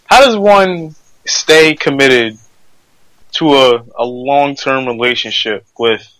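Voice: mid-range voice, takes it slowly, a bit bright, no echo, low-quality recording. A co-host in a casual reaction chat, incredulous and laughing, swearing freely.

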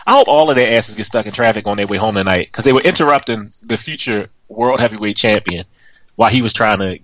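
A man's voice: lowish voice, fast talker, dry recording. A man co-hosting a wrestling podcast, talking casually with brash swearing and teasing. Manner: brash, animated, swears freely. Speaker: podcast co-host.

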